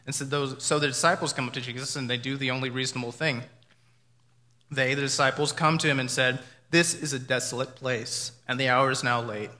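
A man delivers a sermon in a bright, forceful voice, talking it through conversationally and reflectively. His words carry a long reverb, as if spoken in a large hall. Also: mid-range voice, steady tone, brisk. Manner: conversational, reflective, with imagined dialogue. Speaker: pastor.

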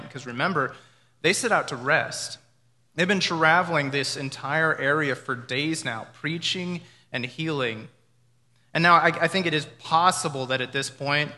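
A man delivers a sermon in a bright, forceful voice, talking it through conversationally and reflectively. His words carry a long reverb, as if spoken in a large hall. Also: medium pitch. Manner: conversational, reflective, with imagined dialogue. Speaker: pastor.

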